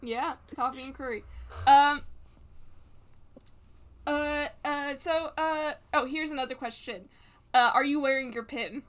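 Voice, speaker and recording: High-voiced woman gm, slow and halting, lots of ums, bright tone. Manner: halting, many fillers and restarts. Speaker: game master. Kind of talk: narrating a tabletop role-play game.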